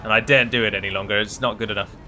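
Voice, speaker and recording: Bright-voiced man chatting through gameplay. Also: on the low side, steady tone, rapid-fire, soft background music. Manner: chatty, talking to his units, wry asides. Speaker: gaming video creator. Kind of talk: casual live gameplay commentary.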